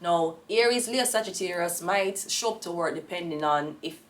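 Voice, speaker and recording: A woman's voice: on the low side, normal speed, recorded from a distance. A Jamaican woman giving a casual tarot reading, rambling and blunt, with profane outbursts. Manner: rambling, blunt and profane, with sudden loud rants. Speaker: tarot reader.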